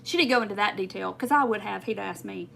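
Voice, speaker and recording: Bright, chatty woman telling a story. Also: medium pitch, fast, creaky, slight background noise. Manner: rambling, emphatic, talks straight to viewers. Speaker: crafting channel host. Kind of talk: chatty storytelling while crafting on a livestream.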